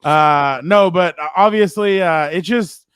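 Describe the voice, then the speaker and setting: A man's voice: high-pitched, measured pace, fairly bright tone, clean tone, dry recording. A man co-hosting a casual sports podcast, telling stories animatedly and acting out the voices of people he quotes. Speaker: podcast co-host.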